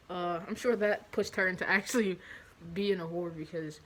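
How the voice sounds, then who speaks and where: Blunt, rambling young woman, low voice. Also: fairly even intonation, normal speed, rough recording. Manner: rambling and blunt, with many fillers. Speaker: vlogger. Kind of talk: candid confessional storytime.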